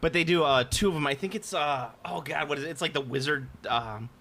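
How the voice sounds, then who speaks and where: A male podcast co-host whose voice sits a little above the usual male pitch. He rambles through casual chat, piling up fillers as he thinks aloud. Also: brisk, sharp tone. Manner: rambling, full of fillers like "like" and "you know".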